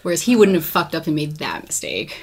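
A woman in casual conversation about a film, talking in a chatty, filler-heavy way and chiming in with quick agreement. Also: low voice, wildly swooping pitch, husky.

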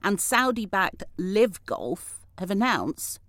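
A woman's voice: mid-range voice, sing-song, takes it slowly, a bit bright, dry recording. A woman co-hosting a daily news podcast, chatting in a playful, chatty way. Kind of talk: upbeat news round-up chat.

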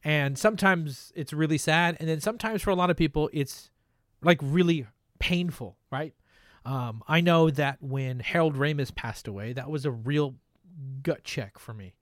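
A man's voice: a little high, normal speed, no room sound, clean studio sound. A man hosting a casual podcast, joking around and then asking earnest questions. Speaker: podcast host. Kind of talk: casual chat.

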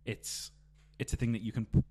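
A man's voice: a little fast, dark tone. A man co-hosting a casual podcast, talking through his thoughts reflectively with frequent restarts. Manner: reflective, thinks aloud with restarts. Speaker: podcast co-host. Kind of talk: casual chat.

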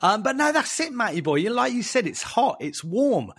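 A man's voice: very high-pitched, moderate pace, slightly rough, no echo, clean studio sound. A young British man co-hosting a podcast, chatting casually with playful slang and jokes. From United Kingdom. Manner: lively, jokey, playful slang. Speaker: podcast co-host.

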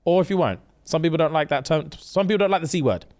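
A man's voice: fairly high pitch, quick pace. A man co-hosting a casual podcast, joking around and riffing on ad reads. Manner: jokey, animated, drifts into mock voices. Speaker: podcast co-host.

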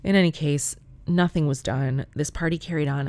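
A woman's voice: low-pitched, normal speed, darkish tone, dry recording. A woman telling a comic story in a chatty, wry, profane way.

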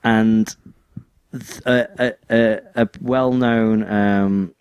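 Low-voiced rambling man on a podcast. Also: steady tone, very slow, a little mellow, smooth, dry recording. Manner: rambling, stumbling over words, self-correcting. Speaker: podcast co-host. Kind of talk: casual chat.

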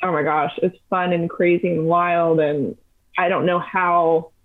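A young woman spins lively stories as a podcast guest. She talks casually, throwing in plenty of fillers. Her voice sounds thin and narrow, as if heard over a phone. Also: fairly low pitch, unhurried. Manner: animated, chatty, many fillers. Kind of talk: casual storytelling chat.

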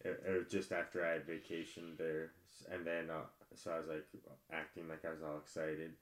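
A man's voice: rumbling low, completely flat delivery, fairly quick, echoey room, slight background noise. A man telling a rambling anecdote in casual podcast chat, full of "like" and restarts. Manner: rambling anecdote, many fillers.

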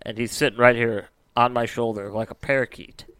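A playful young man hosts a casual podcast, joking and rambling as he goes. His voice is smooth and clean, recorded close and dry. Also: medium pitch, fairly even intonation, a little fast, fairly bright tone, no echo. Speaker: podcast host.

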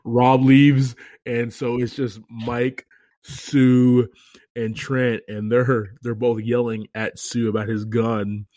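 A man's voice: medium pitch, slow, no room sound. A man co-hosting a podcast, casually retelling a film's plot and laughing often. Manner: relaxed storytelling, laughs often. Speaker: podcast co-host. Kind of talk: casual chat recapping a film.

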